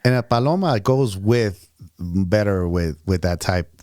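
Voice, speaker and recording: Lower-voiced man cracking jokes. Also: expressive, a little slow, darkish tone, no room sound, clean studio sound. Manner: joking interjections, chuckling. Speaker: podcast co-host. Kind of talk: casual chat.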